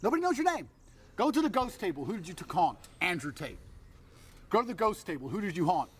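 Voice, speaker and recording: A man's voice: sits high, big pitch swings, a little fast, a little hiss or hum. A man telling a mocking, emphatic comic rant as a guest on a stream. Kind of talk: animated comedic rant.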